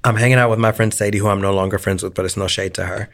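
A man's voice: on the low side, fairly even intonation, rapid-fire, a bit bright, a little hiss or hum. A young man co-hosting a podcast, telling a story in casual chat, dramatic and profane, acting out the voices of the people he quotes. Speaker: podcast co-host.

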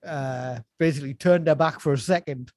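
Man, high-pitched, rambling casual talker, laughs a lot, dry close sound. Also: moderate pace, dark tone, no echo. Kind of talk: casual chat.

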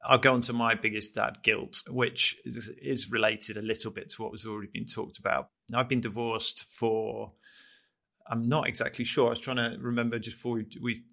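A middle-aged man co-hosting a podcast, his voice bright and edged with a gravelly fry. He speaks in a flat, steady tone. His talk is earnest and halting, full of restarts as he reflects. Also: medium pitch. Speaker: podcast co-host.

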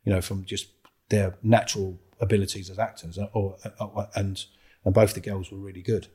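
A man's voice: low voice, moderate pace, breathy edge. A man with a London accent, a guest on a podcast, telling a story with acted-out dialogue and frequent swearing. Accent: London English. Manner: animated storyteller, acts out dialogue, swears freely.

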